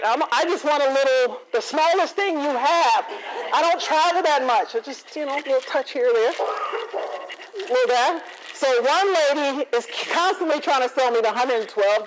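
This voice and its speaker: A woman motivational speaker telling a personal story in a keynote talk, animated and often acting out the dialogue. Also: high-pitched, slight background noise, poor audio. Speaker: motivational speaker and confidence coach.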